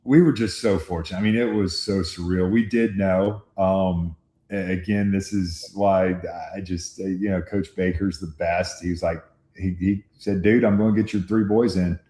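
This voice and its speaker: A man telling a football story as a guest, animated and laughing, on a phone video call. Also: sits low, normal speed, echoey room. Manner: animated storyteller, acts out voices in quotes, laughs often.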